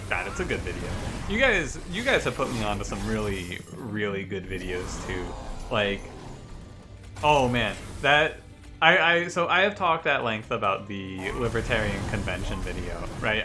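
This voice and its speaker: A young man streaming a card game, giving casual commentary in a rambling, chatty way full of quick self-corrections. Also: mid-range voice. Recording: game music playing behind the voice.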